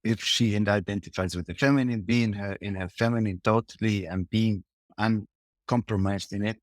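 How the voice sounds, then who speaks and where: A man, a tantra and yoga teacher who speaks haltingly, restarts phrases and searches for words, then guides a meditation. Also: fairly low pitch, fairly even intonation, no echo.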